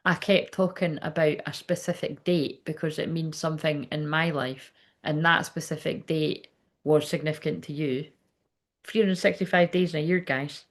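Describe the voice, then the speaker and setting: Gravelly chatty woman medium. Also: low voice, fairly even intonation, moderate pace. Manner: chatty, rambling, laughs often, swears freely. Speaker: psychic medium. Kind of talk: casual live reading chat.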